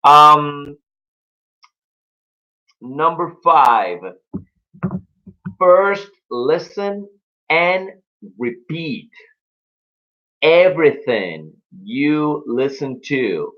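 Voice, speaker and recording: A man's voice: fairly high pitch, lively intonation, drawn-out words, pauses often, bright, forceful tone, lo-fi sound. Upbeat man teaching English. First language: Spanish. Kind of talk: live-streamed English lesson.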